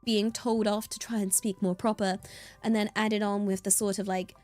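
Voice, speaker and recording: A woman's voice: medium pitch, level tone, normal speed, a little mellow, faint music behind. A young British woman with a mixed rural accent, chatting casually on a livestream in a bubbly, giggly, rambling way. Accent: British, mixed rural and taught English. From United Kingdom. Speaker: streamer.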